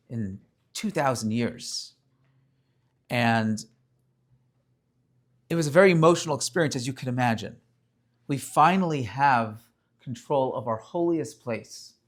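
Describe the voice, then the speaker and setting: A rabbi giving an earnest, story-filled inspirational talk to a gathering during a prayer service. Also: male voice, mid-range voice. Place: room with a live audience.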